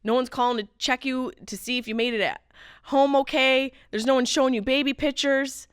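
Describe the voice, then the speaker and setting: Woman comic host in her late thirties, higher voice, crisp and dry, lively swings from shouts to mutters. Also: brisk, dry recording. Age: late 30s. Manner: animated, wry, mimics others in mock voices; swings between loud outbursts and low mutters. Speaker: podcast host. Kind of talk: comedic monologue.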